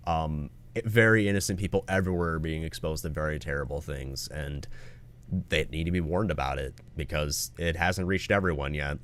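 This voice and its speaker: A man's voice: rumbling low, fairly even intonation, a little fast, a bit bright. A man making a commentary video, appealing earnestly to viewers and swearing often. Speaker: video creator.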